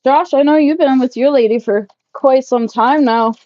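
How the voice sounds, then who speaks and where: Loud, laughing, swearing woman vlogger. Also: high-pitched, normal speed, no echo, highs cut off. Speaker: livestream vlogger. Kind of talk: casual chat with live viewers. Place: shed, packing up.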